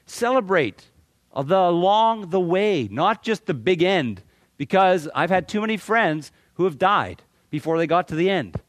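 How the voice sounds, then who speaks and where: A middle-aged man from Canada speaks to a live audience. He is animated and joking, and his voice sits fairly high. He often stumbles and repeats words as he restarts, and the sound is dry and close. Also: normal speed, no echo. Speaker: motivational speaker.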